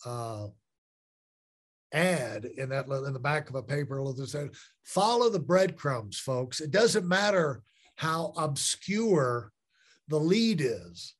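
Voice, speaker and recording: A man's voice: fairly high pitch, animated, slow pace. A male host with a slightly raised voice leads the talk with his guest. He muses aloud and stretches out words for emphasis. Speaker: podcast host. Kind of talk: conversational interview.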